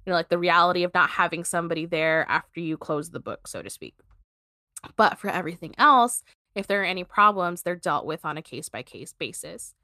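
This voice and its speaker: A woman co-hosting a podcast, retelling a short story in casual chat, animated and swearing freely. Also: lowish voice, fairly quick, dry recording, clean studio sound. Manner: animated, swears freely, laughs between lines. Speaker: podcast co-host.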